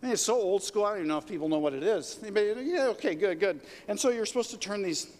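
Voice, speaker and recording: Joking middle-aged pastor in echoing hall. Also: male voice, high voice, racing. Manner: animated and joking, leads call-and-response. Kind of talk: sermon. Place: church hall. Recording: reverberant hall with faint noise.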